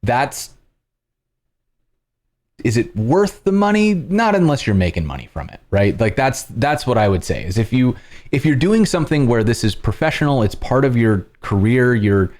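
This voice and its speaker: A man hosting a livestream, explaining casually in a loud projected presenter voice with plenty of fillers, close on a compressed studio mic at home. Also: mid-range voice, very animated, moderate pace. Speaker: livestream host. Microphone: studio dynamic microphone with compression.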